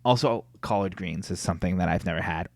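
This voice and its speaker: A young man in casual podcast chat, animated and opinionated, swearing casually. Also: deep voice, fast talker, creaky, no room sound. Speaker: podcast co-host.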